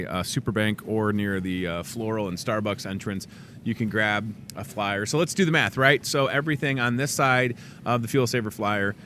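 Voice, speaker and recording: Male in-store show host, low-pitched, casual, jokey asides, faint store noise behind. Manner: chatty, joking asides, lively swings in pitch. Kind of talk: casual promo chat. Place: grocery store.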